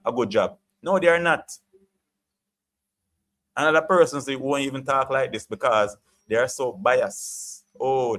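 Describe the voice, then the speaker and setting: This Jamaican-accented man from Jamaica has a mid-range voice with a fairly bright tone. On his live chat stream he gives an opinionated, passionate rant, often circling back with "you get what I'm saying."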